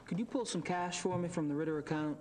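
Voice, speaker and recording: An actor playing a young man posing as an associate, speaking in a smooth, persuasive way in a game recording with faint noise. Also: a little high, quick pace, darkish tone, natural voice.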